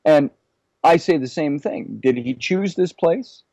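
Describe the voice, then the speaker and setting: Man, podcast guest, mellow tone, dry sound, musing, full of questions. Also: fairly high pitch, expressive, a little slow, gravelly, no room sound, dull audio. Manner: musing, poses many questions. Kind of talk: casual discussion.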